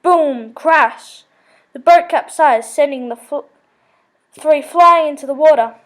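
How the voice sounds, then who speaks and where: A woman's voice: sits high, a little slow. A woman reading a children's story aloud, with small slips and self-corrections.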